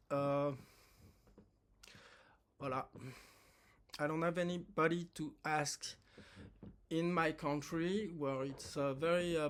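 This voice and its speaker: Slow, halting man. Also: on the high side, a little hiss or hum. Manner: halting, hesitant, many restarts; earnest, heartfelt. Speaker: viewer asking a question. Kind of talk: personal video message.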